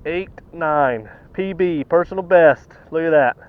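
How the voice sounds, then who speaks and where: A man fishing from a kayak outdoors, talking to the camera with excited, repeated exclamations and out of breath. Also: fairly high pitch, a little slow, smooth. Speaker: kayak angler. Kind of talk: excited on-the-water fishing commentary. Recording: dull lo-fi camera audio.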